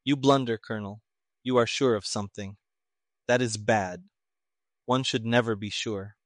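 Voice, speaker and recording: A man reading the part of a calm, clever male detective who speaks flatly and deliberately. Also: lowish voice, no echo, studio quality, lightly acted. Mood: toneless, cool. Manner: flat, toneless, deliberate.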